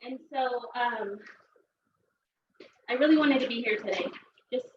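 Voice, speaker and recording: A woman's voice: fairly high pitch, unhurried, echoey room. A woman, telling a seminar audience her personal story in a chatty, rambling way with many fillers. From Texas. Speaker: seminar speaker. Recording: distant, dull, noisy room recording.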